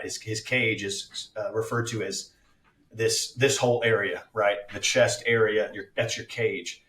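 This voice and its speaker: A man with a fairly low voice talks about his acting craft in a relaxed podcast chat. He is reflective and often stops to restart his thoughts. The sound carries a noticeable room echo. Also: normal speed, far from the mic. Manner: reflective, with many fillers and restarts. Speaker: actor guest. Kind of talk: casual podcast interview.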